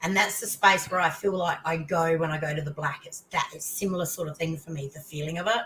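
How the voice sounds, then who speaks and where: An older Australian woman, fairly low-voiced, chats as a guest and tells her story with lively exclamations that jump up in pitch. Faint background noise hums behind her. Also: fast, poor audio. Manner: animated storytelling, voice leaping into exclamations. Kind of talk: casual interview chat.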